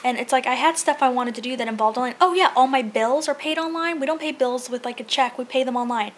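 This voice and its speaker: Chatty young mom vlogging at home. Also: female voice, high voice, fast, a little hiss or hum. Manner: chatty, animated storytelling with quoted voices. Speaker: family vlogger. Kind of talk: casual vlog chat. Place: house being painted, indoors.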